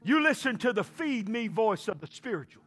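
A man preaching a sermon, often shouting and calling for responses from the congregation. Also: high voice, very animated, normal speed. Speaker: pastor.

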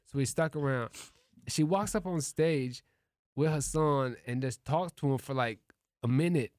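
Animated storytelling comedian, dry sound. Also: male voice, mid-range voice, unhurried, no room sound. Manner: animated, slangy, profane storyteller. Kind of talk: casual storytelling chat.

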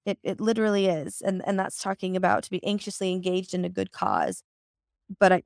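A woman's voice: mid-range voice, gravelly, dry recording, clean studio sound. A woman hosting a podcast interview in a casual, effusive way, her voice scratchy from recovering, often restarting her sentences. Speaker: podcast host.

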